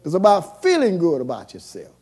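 A pastor preaches in a high, lively voice that leaps up and down. He moves between quiet, drawn-out passages and sudden shouted calls to the church. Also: husky. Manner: call-and-response preaching, swings from soft to shouting. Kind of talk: sermon.

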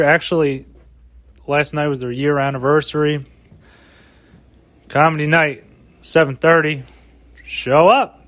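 A man's voice: a little high, fairly bright tone, no echo. A man hosting a solo podcast, rambling casually with lots of swearing and mock pep talk, recorded outdoors. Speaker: podcast host.

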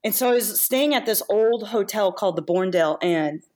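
A woman, a guest makeup artist, telling stories in a casual chat, lively and laughing often. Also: medium pitch, fairly quick. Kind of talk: casual storytelling.

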